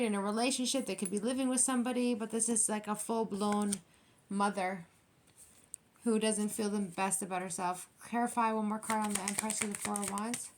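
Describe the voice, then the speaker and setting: A woman reading tarot cards in a loose, chatty way, her voice sitting a little high. She is blunt and swears freely, pressing her points hard as she talks straight to the viewer. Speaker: tarot reader.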